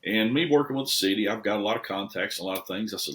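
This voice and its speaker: A man, a custom truck shop owner telling stories as a podcast guest in a folksy, animated way. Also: fairly low pitch, racing. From Tennessee. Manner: folksy, animated storyteller with lively swings in loudness. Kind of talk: casual podcast storytelling.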